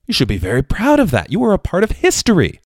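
A man's voice: high voice, huge pitch swings, quick pace, no room sound, clean studio sound, pitched above the performer's own voice, heavily acted. A man voicing a proud, grandiose male stage magician in a spoken story. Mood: boastful. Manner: grandiose, self-congratulating, apologetic when explaining.

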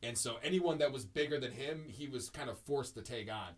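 A man hosting a podcast in casual chat, talking haltingly with lots of fillers and restarts. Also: mid-range voice. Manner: halting, heavy on fillers and restarts, laughs easily. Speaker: podcast host.

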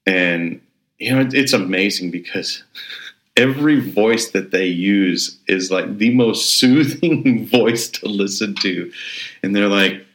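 Deep-voiced man rambling upbeat in a roomy space. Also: measured pace, fairly bright tone. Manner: rambling, upbeat, lots of restarts and fillers. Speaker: pastor and podcast co-host. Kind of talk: casual chat. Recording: roomy echo.

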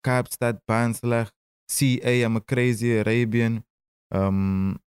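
A man's voice: medium pitch, flat delivery, darkish tone, smooth, no echo. A man in his thirties with a Cape Town South African accent, a rapper telling stories in a casual interview, often stammering and restarting. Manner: stammering restarts, quick asides and laughs. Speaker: rapper and guest.

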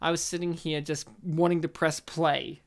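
Excitable, chatty woman with a lowish voice. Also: normal speed, vocal fry. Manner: excitable, talkative, laughs often. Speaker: podcast host. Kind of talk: casual movie review chat.

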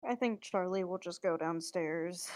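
A woman playing in a tabletop game, speaking quietly and offhandedly. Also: lowish voice, unhurried. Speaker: player.

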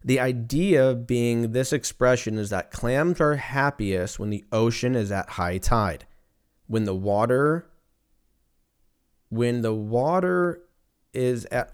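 A young man, riffing in a casual comedic monologue, rambling and swearing, with quick silly voices for imagined people. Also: mid-range voice, clear, resonant tone. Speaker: podcast host.

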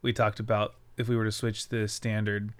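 A man's voice: on the low side, little pitch movement, moderate pace. A man hosting a podcast in casual chat, tired and laid-back, laughing easily. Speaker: podcast host.

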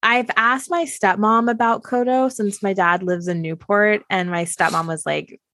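A woman's voice: mid-range voice, steady tone, normal speed, a bit bright, no echo, studio quality. A woman co-hosting a podcast in casual chat, candid and offhand with plenty of fillers. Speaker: podcast co-host.

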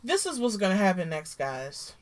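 A woman co-hosting a podcast in casual chat, expressive and playful, quick to joke. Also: medium pitch. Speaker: podcast co-host.

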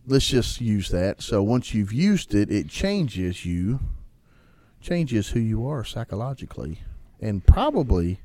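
A man's voice: a little slow, dry recording. A man co-hosting a casual podcast, teasing his partner in a playful way. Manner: playful, teasing, animated pitch swings. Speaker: podcast co-host.

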